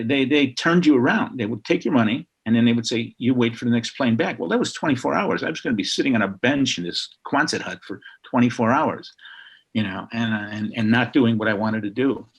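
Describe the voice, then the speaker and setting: Husky man telling a lively story. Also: mid-range voice. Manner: lively, acts out the people in his story. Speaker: writer, guest speaker. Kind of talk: anecdotal storytelling. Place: home on a video call.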